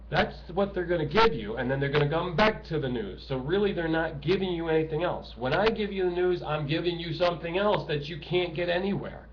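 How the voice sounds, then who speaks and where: Bitter swearing man, middle-aged, high-pitched, lo-fi muffled recording with hiss. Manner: profane, bitter, swings between shouting and hushed talk. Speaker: political video ranter. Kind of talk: angry monologue to camera. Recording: dull lo-fi home recording with noise.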